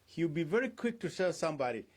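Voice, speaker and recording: A man's voice: on the high side, very animated, fast, breathy edge. A middle-aged man speaking as a pastor in a devotional talk. He asks his listeners rhetorical questions and acts out the things people say.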